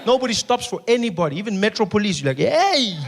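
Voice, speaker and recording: A middle-aged South African-accented man performing stand-up, his voice pitched high for a man. He talks in animated bursts, repeats punchlines, and jumps into voices and sound effects, with a faint hum of noise behind him. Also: very fast. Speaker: stand-up comedian. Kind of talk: stand-up comedy.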